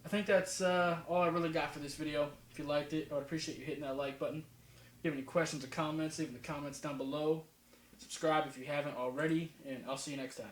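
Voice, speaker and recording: A man's voice: on the high side, fairly even intonation, quick pace, reverberant, rough recording. Casual rambling man with slight New Jersey accent. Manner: rambling, casual, fillers and restarts. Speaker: football film breakdown host. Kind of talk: casual commentary over game film.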